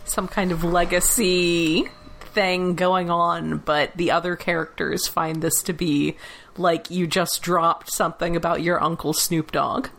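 A woman co-hosting a casual chat about cartoons, expressive and giggly. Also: fairly low pitch, a little slow, gravelly, slight background noise. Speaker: podcast co-host.

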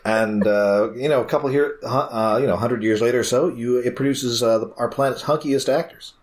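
A man co-host riffs on a joke in a relaxed chat. He keeps stopping and restarting with fillers, and his voice sits at a middle pitch. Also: slight background noise. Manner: joking, halting with fillers. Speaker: podcast co-host. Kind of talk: casual chat.

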